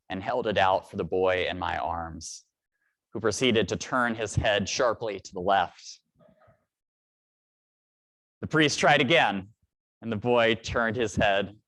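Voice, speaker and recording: A man in his thirties preaching a sermon in a church, telling a reflective story at a measured pace with pauses. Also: lowish voice, a bit bright, no room sound. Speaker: priest.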